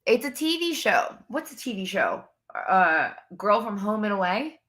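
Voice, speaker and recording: A woman's voice: medium pitch, sing-song, a little slow, fairly bright tone. A young woman hosting a casual sports live stream from home, bubbly and chatty, talking straight to her viewers. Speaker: sports podcast host. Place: home room near window.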